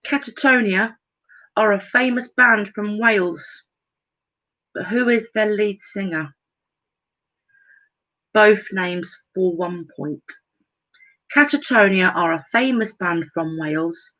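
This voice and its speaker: A woman's voice: mid-range voice, slow pace, pauses often, bright, forceful tone, low-quality recording. A woman with a Northampton accent hosting an online pub quiz from home over a computer mic, reading questions twice and joking between them. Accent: English Midlands, Northampton. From England. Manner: chatty, self-mocking asides between questions. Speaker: quiz host.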